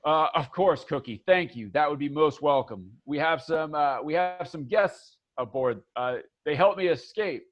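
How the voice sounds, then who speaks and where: A man voicing a courteous, gracious male captain who speaks in a polite, measured way, on a dull lo-fi recording. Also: a little high, expressive, lightly acted.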